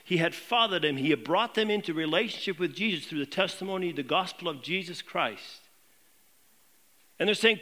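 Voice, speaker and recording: Bright-voiced male preacher, high and animated. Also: normal speed. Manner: questioning, drops to a low murmur on key points. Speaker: pastor. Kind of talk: sermon.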